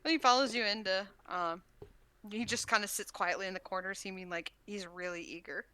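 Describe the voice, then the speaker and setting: A woman's voice: medium pitch, fairly even intonation, a little fast, sharp tone, smooth. A woman narrating as dungeon master, talking hesitantly with many stops and restarts. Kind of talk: narrating a tabletop game.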